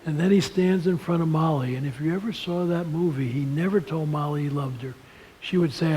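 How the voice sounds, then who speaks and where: A man speaks at a seminary lunch seminar, spinning folksy, animated stories about faith and life. His voice sits a little on the high side for a man. A faint hiss runs under the recording. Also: moderate pace, rough recording. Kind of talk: storytelling talk on leadership and faith.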